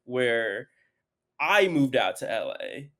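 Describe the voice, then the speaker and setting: A man's voice: medium pitch, big pitch swings, slow, sharp tone. Young guy rambling on a podcast from home, lots of likes and ums. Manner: rambling, filler-heavy storytelling. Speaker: podcast co-host. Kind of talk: casual chat. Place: home, remote recording.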